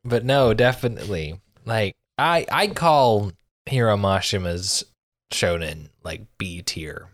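A young man co-hosting a podcast, recapping and judging an anime in animated, swearing casual talk. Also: on the low side, slow, no room sound, clean studio sound. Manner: animated storytelling, swears, laughs often.

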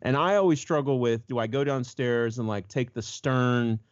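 Guy telling a home story on a chat show, animated, does little voices for people, kinda muffled audio. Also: mid-range voice, normal speed. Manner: animated, jumps into voices when quoting others. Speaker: co-host.

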